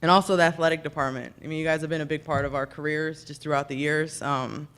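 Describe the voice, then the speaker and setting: A woman's voice: low-pitched, steady tone, quick pace, fairly bright tone. Chatty woman giving an acceptance speech. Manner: rambling, chatty, self-deprecating, thanks people by name. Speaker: hall of fame inductee giving a speech. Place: ceremony breakfast in a banquet room.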